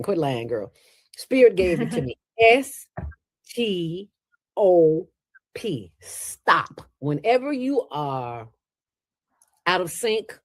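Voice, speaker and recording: A woman as an interview guest, talking in a playful, preachy way with sudden jumps in pitch. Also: a little mellow, dry recording. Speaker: interview guest, nonprofit founder. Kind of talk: casual interview talk.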